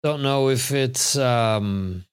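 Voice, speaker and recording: This American man hosts a live trivia stream, talking loosely into his computer mic and rambling as he reads viewer comments out loud. His mid-range voice sounds clean, and he speaks very slowly.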